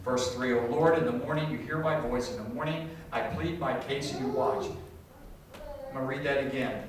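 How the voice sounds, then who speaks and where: A middle-aged man preaching a sermon as pastor, animated and self-deprecating, acting out quoted voices. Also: medium pitch, moderate pace, distant mic, background noise. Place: church sanctuary. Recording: echoey hall, voice from off-mic.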